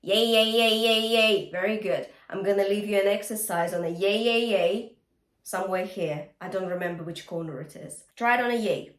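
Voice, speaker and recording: A woman's voice: mid-range voice, fairly quick. A woman vocal coach giving a chatty, encouraging singing lesson, breaking into short sung demonstrations. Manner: encouraging, chatty teacher who breaks into song. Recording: roomy sound with faint guitar music.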